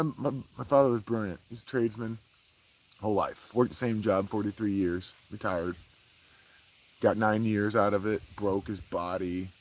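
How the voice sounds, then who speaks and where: A man around forty, talking in a casual, heated monologue as the host, full of profanity and swinging between low mutters and raised outbursts. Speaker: podcast host.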